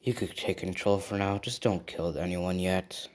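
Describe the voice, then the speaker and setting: A man reading lines for a calm villainous youth. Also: low-pitched, normal speed, close to an everyday voice. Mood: taunting.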